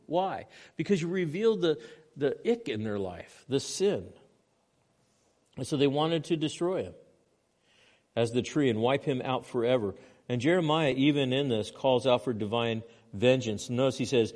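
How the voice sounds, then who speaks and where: A man preaching a sermon in church, his delivery swinging between raised, urgent lines and quiet, hushed ones. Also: fairly high pitch, lively intonation, normal speed. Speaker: pastor.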